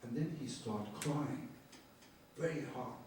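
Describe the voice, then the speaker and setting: In a university lecture hall, an aging photojournalist shares war stories over slides, his earnest delivery marked by halting non-native phrasing and a louder voice for quoted dialogue. He speaks at a medium pitch with a darkish tone. Picked up from a distance in the roomy hall, the audio carries a little hiss or hum.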